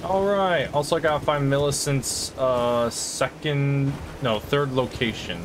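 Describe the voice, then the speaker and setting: A young man giving casual, rambling commentary as he plays a video game, talking to himself with sudden excited outbursts. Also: medium pitch, unhurried, background noise. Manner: chatty, rambling, self-talk with excited outbursts. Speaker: gaming channel host. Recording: game music playing behind. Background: game music.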